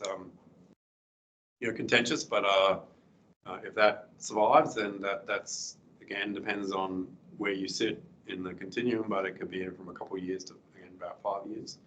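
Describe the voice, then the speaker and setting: A middle-aged man giving a guest lecture with slides, hoarse and clearing his throat, speaking haltingly with many fillers and restarts. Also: on the low side, a little hiss or hum, poor audio.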